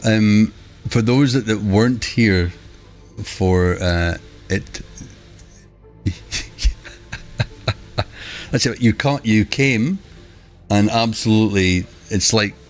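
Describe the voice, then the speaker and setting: Man, low voice, jokey rambling stream chat, faint music behind. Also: drawn-out words, long pauses. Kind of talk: casual live-stream chat. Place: home room. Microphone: headset.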